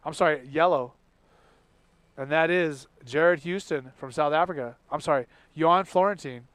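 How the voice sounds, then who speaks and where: A man calling a live sports contest play-by-play, in an energetic, exclamatory way. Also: fairly high pitch, normal speed, smooth, dry recording. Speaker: contest commentator.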